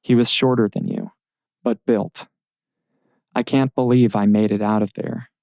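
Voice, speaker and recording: A man's voice: mid-range voice, steady tone, measured pace, darkish tone, dry recording, clean studio sound, lightly acted. A man voicing a frightened, injured young woman in an audiobook, with a sobbing, pleading manner.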